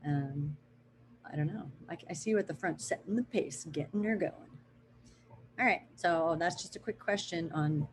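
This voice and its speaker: Woman, middle-aged, slightly low voice, casual video message, playful, self-mocking, frequent laughs and fillers. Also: normal speed, slight background noise. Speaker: vlogger addressing a family member.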